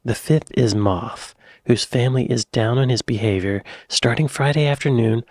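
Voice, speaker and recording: A man's voice: medium pitch, normal speed, a little mellow, no room sound, studio quality. An American man hosting a reaction video, reading film summaries aloud and adding casual remarks. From United States. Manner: reads summaries aloud, then remarks and chuckles.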